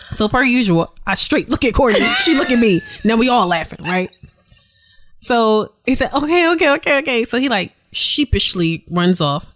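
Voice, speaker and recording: A woman podcast co-host telling a travel story in casual chat, animated, laughing, swearing freely. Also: on the high side, unhurried, no room sound.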